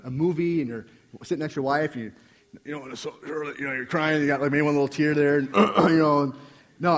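A young man delivers a sermon in church, sharing a personal story in an earnest way with many restarts. His pitch sits a little high and swings widely. His voice has a slightly husky edge. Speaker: preacher. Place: church sanctuary.

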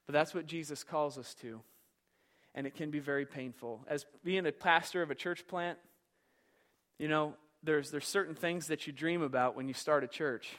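A man's voice: fairly high pitch, normal speed. Impassioned male pastor preaching a sermon. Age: young adult. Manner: impassioned storytelling, swings from hushed to loud.

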